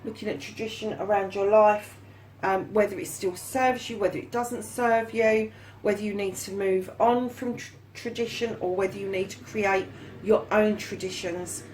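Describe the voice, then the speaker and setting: A woman's voice: medium pitch, fairly even intonation, moderate pace, a little mellow, slight background noise, poor audio. Chatty woman reading tarot. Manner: chatty, addresses viewers as darlings and lovelies; swears casually. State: hot and yawning. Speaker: tarot reader. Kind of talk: casual tarot reading to camera.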